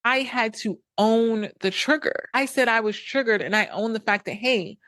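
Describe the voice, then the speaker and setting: A woman's voice: fairly high pitch, moderate pace, fairly bright tone, no echo. A woman podcast host and coach giving direct relationship advice in a blunt, emphatic monologue, repeating points for weight.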